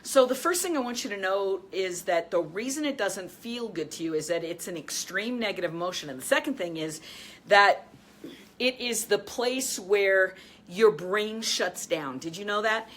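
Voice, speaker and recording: Middle-aged woman, life-business coach hosting her own show; emphatic, upbeat delivery with frequent laughs, softening for guided breathing. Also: moderate pace. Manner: energetic, emphatic, laughs often, drops soft and low when guiding breaths. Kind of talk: motivational talk with guided breathing.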